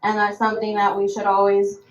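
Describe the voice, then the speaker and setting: A young woman telling a personal story at a roundtable, lively and acting out the voices of the people she quotes. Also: mid-range voice, fairly quick, muffled recording. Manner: animated, acts out quoted voices. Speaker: roundtable speaker. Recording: echoey room.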